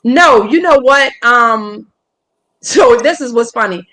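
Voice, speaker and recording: A young woman comedian with an Atlanta accent, chatting in a casual interview over a call, animated and joking. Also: on the high side, slow pace. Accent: Southern US, Atlanta. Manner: animated, joking, slips into put-on voices. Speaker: comedian guest. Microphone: phone or video call.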